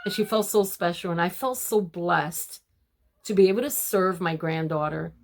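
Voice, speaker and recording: An older woman, a grandmother, talking casually to her viewers about homemaking and faith, addressing them as ladies in a warm, preachy way. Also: lowish voice, normal speed, gravelly. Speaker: homemaking vlogger. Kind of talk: casual devotional talk to viewers.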